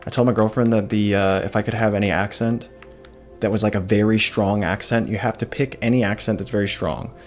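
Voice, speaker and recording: A man's voice: lowish voice, fairly even intonation, a little fast, soft background music. A young man chatting casually while streaming a game, rambling and reading chat aloud. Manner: rambling, laid-back, reads chat aloud.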